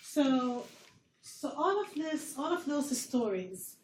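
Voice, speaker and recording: Speaking slowly in a high, sing-song, slightly mellow voice, a woman delivers a university public health lecture to a class. She's earnest and repeats words as she explains. The sound is roomy and far off, as in a lecture hall, with faint noise.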